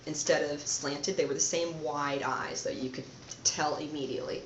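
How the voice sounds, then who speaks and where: A woman hosting her own channel, talking to camera in a soft-spoken, meandering, conspiratorial monologue. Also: sits low, fairly even intonation, moderate pace, a little hiss or hum. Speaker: channel host. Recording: roomy, slightly dull home recording.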